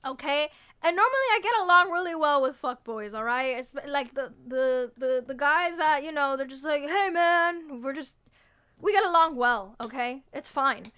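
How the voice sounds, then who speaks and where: Answering her viewers in casual stream chat, this young VTuber teases them playfully, laughs a lot, and breaks off mid-sentence. She speaks at a normal speed in an animated voice that sits high and sounds pushed and bright.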